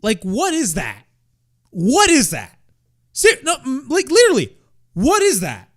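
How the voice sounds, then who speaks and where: A man's voice: very high voice, huge pitch swings, measured pace. A young man hosting a wrestling watch-along, ranting in exasperation, swearing and repeating himself. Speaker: wrestling reaction host.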